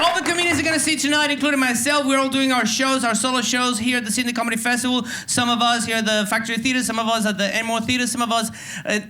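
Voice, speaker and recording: High, bright-voiced Venezuelan comic on stage. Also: male voice. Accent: Venezuelan Spanish. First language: Spanish. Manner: energetic, playful, hyping the crowd. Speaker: stand-up comedy host. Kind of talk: stand-up comedy. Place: theatre stage before a live audience.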